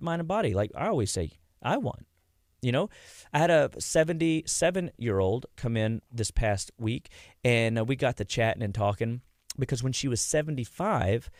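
A middle-aged man with a mid-range voice hosts a casual radio health talk, recorded clean in the studio with no room sound. He's a health practitioner and show host, a chatty storyteller who acts out what his patients told him.

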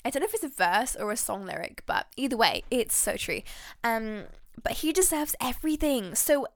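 A woman hosting a faith podcast, talking in an excitable, heartfelt and rambling way. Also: fairly high pitch, normal speed, no room sound, studio quality. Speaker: podcast host.

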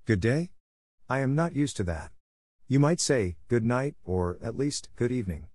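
A man's voice: fairly low pitch, brisk, mellow, dry recording, natural voice. A man reading the part of Night, a stately and easily alarmed queen, in an audiobook, answering dryly and haughtily. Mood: offended. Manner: dry, haughty.

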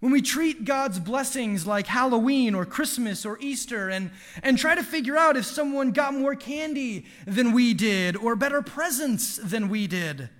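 High, bright-voiced man preaching. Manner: earnest, storytelling, animated asides with quick restarts. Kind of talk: devotional talk with a family story.

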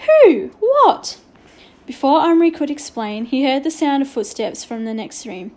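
Storybook narrator, woman, mellow tone, slightly high voice. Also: animated, normal speed.

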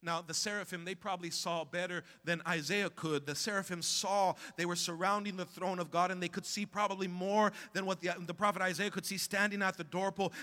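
High bright-voiced guy preaching, fired up, repeats lines and gets the church to answer back. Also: long reverb tail. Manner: impassioned, repetitive, call-and-response preaching. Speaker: pastor. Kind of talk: sermon. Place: church sanctuary.

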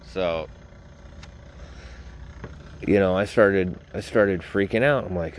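Low-pitched male podcast host; loose, chatty, informal storyteller who talks right to his listeners. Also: slow, pauses often, slight background noise. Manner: rambling, informal, swears, talks straight to listeners. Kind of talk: casual storytelling.

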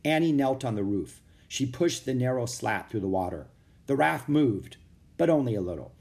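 A man narrating a children's chapter book aloud in a steady, expressive reading. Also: mid-range voice, moderate pace, vocal fry. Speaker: audiobook narrator. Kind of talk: storybook read-aloud.

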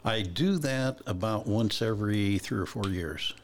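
Deep deadpan male guest. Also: unhurried, slight background noise. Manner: dry, deadpan humor. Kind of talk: casual podcast chat. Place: studio.

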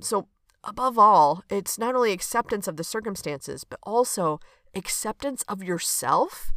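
A woman's voice: mid-range voice, pushed and bright, no room sound, clean studio sound. A woman hosting a reflective solo podcast, talking in an earnest, conversational way and often checking in with "okay?". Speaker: podcast host and coach.

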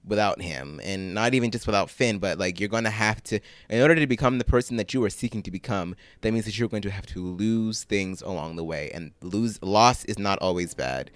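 A man co-hosting a podcast in casual chat, ranting with exasperated, animated swings. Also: fairly low pitch, brisk, few pauses, dry recording. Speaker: podcast co-host.

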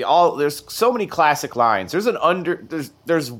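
Animated man chatting on a podcast. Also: fairly high pitch, moderate pace. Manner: animated, laughing, quoting movie lines. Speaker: podcast guest. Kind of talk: casual podcast chat.

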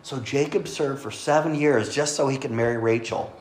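A man's voice: mid-range voice, moderate pace. A man preaching a sermon at a microphone in a conversational way, with joking asides. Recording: echoey room.

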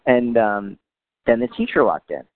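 Male guest, dry wit, lively storyteller; close dead room, thin lo-fi audio. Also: mid-range voice, normal speed, no room sound. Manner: dry humor, quotes people in lively voices. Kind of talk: casual storytelling chat.

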